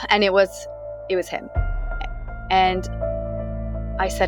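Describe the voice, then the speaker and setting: A woman's voice: mid-range voice, monotone, takes it slowly, over music. A young woman from the United States, candidly recounting a personal story in an interview, talking conversationally with frequent fillers.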